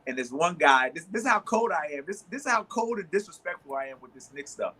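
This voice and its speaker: Bright-voiced storytelling New man. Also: a little high, sing-song, quick pace, breathy edge. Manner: storytelling with many restarts, acts out both sides of arguments. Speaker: sports talk show co-host. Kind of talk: animated storytelling in casual chat.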